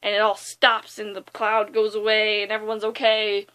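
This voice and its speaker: A young woman casually retelling a movie's plot in a rambling, excitable way, with lots of fillers. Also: mid-range voice, moderate pace, clear, resonant tone. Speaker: movie reviewer.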